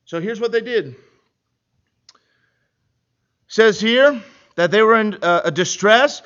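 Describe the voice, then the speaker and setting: High-voiced man preaching a story sermon. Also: normal speed, clear, resonant tone. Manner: animated, acts out scenes, many restarts. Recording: dull lo-fi recording.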